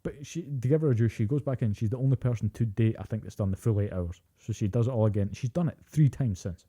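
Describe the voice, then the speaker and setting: A young man co-hosting a podcast, telling an animated story in casual chat, swearing freely and acting out quotes. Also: medium pitch, quick pace, husky. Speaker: podcast co-host.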